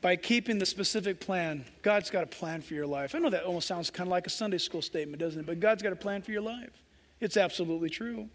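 High, bright preaching man in echoey hall. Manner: impassioned preaching, acts out quoted voices. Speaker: pastor. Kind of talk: sermon.

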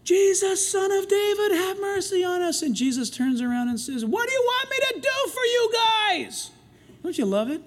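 An older man preaching a sermon in an animated way, acting out the voices in the stories he retells. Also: very high-pitched. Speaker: pastor.

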